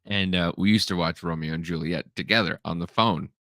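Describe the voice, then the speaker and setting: A man chatting casually on a podcast with a bright, forward tone. He tells stories animatedly and jumps into the voices of his family. The sound is dry and close, with little room in it. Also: low-pitched, fairly quick, dry recording. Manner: animated storyteller, acts out family members in raised voices. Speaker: podcast co-host. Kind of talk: casual chat.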